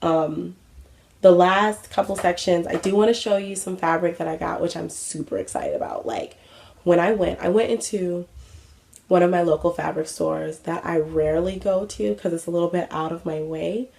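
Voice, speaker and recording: A woman's voice: on the low side, expressive, normal speed, creaky, a little mellow. A young adult woman hosting a craft vlog, chatting casually with many fillers and self-mocking asides. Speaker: craft vlogger. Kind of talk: casual chat.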